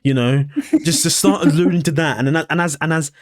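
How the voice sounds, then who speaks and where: A man's voice: on the high side, quick pace, dry recording, studio quality. Blunt, swearing male podcast co-host. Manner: blunt, swears, acts out imagined scenes. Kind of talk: casual review chat.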